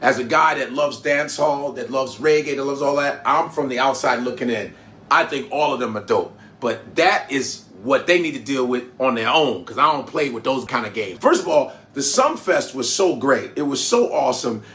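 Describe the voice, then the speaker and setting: A man comedian telling a lively travel story in an animated stand-up style, from Nigeria, boisterous and prone to jumping high in pitch for emphasis. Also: moderate pace.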